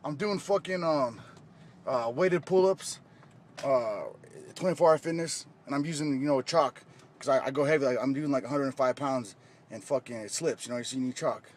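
A man filming himself in a profane, angry rant, shouting and repeating himself. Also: medium pitch, a little fast. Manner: shouting, swearing constantly, repetitive. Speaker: vlogger filmed ranting.

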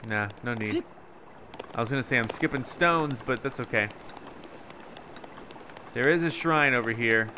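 A man's voice: mid-range voice, unhurried, long pauses, background noise. A man doing casual let's play commentary, musing to himself and easily distracted. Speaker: gaming video host.

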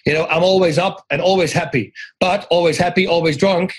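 A middle-aged man from the Netherlands with a Dutch accent, telling stories as an interview guest, animated, acting out quoted lines and often restarting his sentences. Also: high-pitched, fairly quick, slightly rough, rough recording. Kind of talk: casual interview storytelling.

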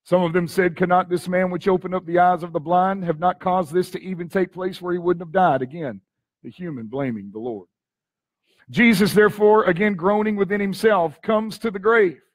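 A man with a Texan accent preaching a dramatic sermon as pastor, reading scripture with sudden swings from loud to hushed. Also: sits high, moderate pace. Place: church sanctuary.

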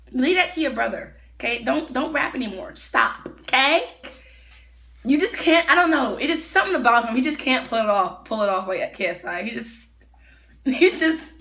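Bright-voiced giggly young woman. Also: fairly high pitch. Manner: giggly, chatty, lots of fillers. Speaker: YouTuber reacting to a video. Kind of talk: casual reaction commentary.

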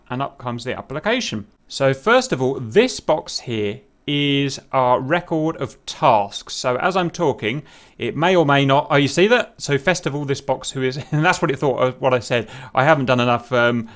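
A man talking through a software install step by step, relaxed and conversational. He says "um" and "uh" as he clicks around his screen, like a friendly tutorial host. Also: medium pitch. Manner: casual, step-by-step explaining with fillers.

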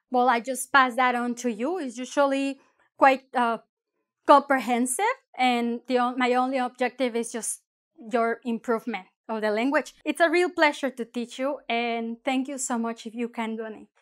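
A woman teaching a bilingual lesson, energetic and playful, acting out what a shopper and a seller would say. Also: high-pitched. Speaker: Spanish teacher.

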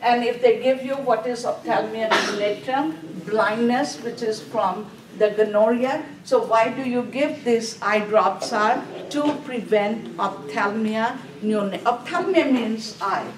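A woman's voice: on the high side, a little slow, hardly any pauses, background noise. A woman lecturing nursing students, asking questions and answering them herself and repeating key terms. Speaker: nursing instructor. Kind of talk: classroom lecture. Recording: echoey room, mic far off.

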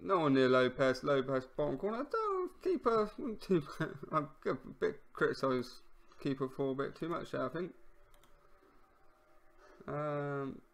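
A man giving casual commentary on his own football management game, excitable, shouting at near misses and goals, and wry about the player names he stumbles over. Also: on the high side, unhurried, gravelly. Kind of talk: casual let's-play commentary.

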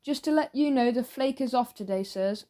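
A woman's voice: fairly high pitch, normal speed, warm tone, lightly acted. A woman voicing an overly eager, chatty male newsagent who keeps pushing sweets in a salesy, fawning way.

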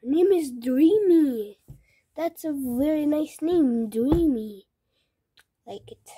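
A woman's voice: high voice, takes it slowly, no echo, studio quality. A young female vlogger showing her stuffed toy collection in a casual, gushing way, often dropping into a whisper. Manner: gushing, excitable, drops into whispers.

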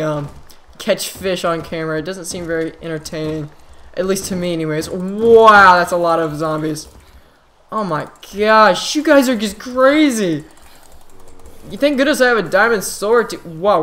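A man talks through his game session into a desktop microphone, in loose, casual commentary. He is quick to exclaim and often restarts his sentences as things happen on screen. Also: high voice. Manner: excitable, frequent exclamations and restarts. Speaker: gaming channel host.

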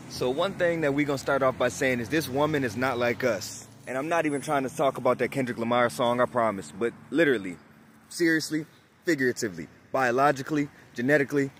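A man's voice: mid-range voice, fairly quick, fairly bright tone, slight background noise. A man vlogger speaking outdoors in an impassioned monologue to the camera, emphatic and preachy, repeating phrases for effect.

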